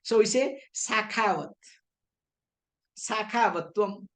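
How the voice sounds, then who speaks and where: A woman's voice: mid-range voice, slow, a bit bright. Woman teaching with rhetorical questions. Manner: asks rhetorical questions and answers them herself; playful teasing asides. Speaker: spiritual teacher. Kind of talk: scripture lecture in English.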